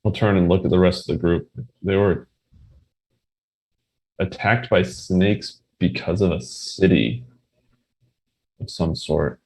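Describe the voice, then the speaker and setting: A man playing a tabletop game, asking careful, deliberate questions. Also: deep voice, steady tone, darkish tone, slightly rough. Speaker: player. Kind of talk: tabletop game play, casual.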